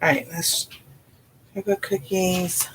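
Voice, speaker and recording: A woman with a Southern US accent hosts a cooking channel in an easygoing livestream chat. Her voice sits a little low and she talks unhurriedly. She drifts from point to point in a folksy way, saying "y'all" and laughing often. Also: flat delivery, slow pace, very noisy.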